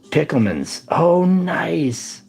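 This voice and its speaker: A man's voice: fairly high pitch, very animated, extremely slow, vocal fry, darkish tone, breathy edge, faint music behind. A man casually chatting on his live stream, rambling upbeat as he reads out chat.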